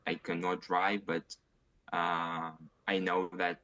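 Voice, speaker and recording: A man's voice: low-pitched, little pitch movement, pushed and bright, highs cut off. A man with a Russian accent answering speaking exam questions over a video call, hesitant and full of fillers. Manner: hesitant, many fillers and pauses. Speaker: IELTS test candidate.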